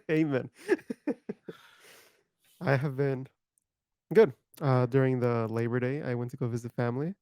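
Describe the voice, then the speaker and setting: A man's voice: medium pitch, fairly even intonation, measured pace, pauses often, mellow, dry recording. Earnest male podcast co-host. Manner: earnest, explains at length, laughs easily. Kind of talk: casual podcast chat.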